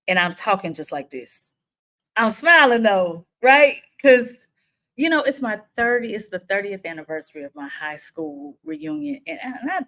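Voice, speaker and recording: A woman, telling a personal story to camera in a lively, animated way. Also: fairly low pitch. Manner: animated, acts out quotes, frequent laughs.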